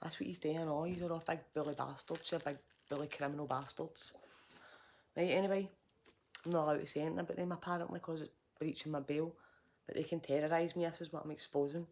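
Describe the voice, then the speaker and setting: A woman's voice: deep voice, steady tone, fast, a little mellow. A middle-aged Scottish woman telling a profane, agitated story to camera in a personal vlog. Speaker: vlogger.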